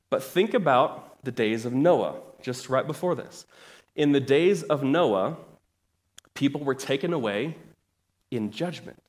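A man in his thirties preaching a sermon to his church, conversational with joking asides and emphatic rises. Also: mid-range voice. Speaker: pastor.

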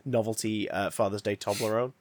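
A man co-hosting a podcast, chatting casually with jokes, quick asides and bursts of laughter. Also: fairly low pitch, fairly even intonation, no room sound. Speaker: podcast co-host. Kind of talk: casual chat.

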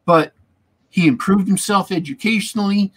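Husky-voiced man rambling about tabletop games. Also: high-pitched, moderate pace. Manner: rambling, repeats words while thinking. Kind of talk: casual chat about tabletop gaming.

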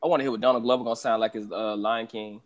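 A man's voice: on the low side, steady tone, racing. A man co-hosting a casual podcast chat, blunt and joking, often laughing at his own lines. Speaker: podcast co-host.

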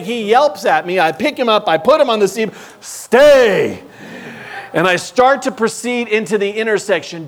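A male pastor preaching a sermon, telling animated stories and acting out the scenes. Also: high-pitched.

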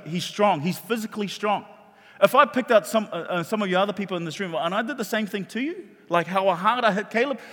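A man preaching a sermon in a church hall, animated and jokey, often repeating his words. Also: high voice. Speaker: pastor. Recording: long hall reverb.

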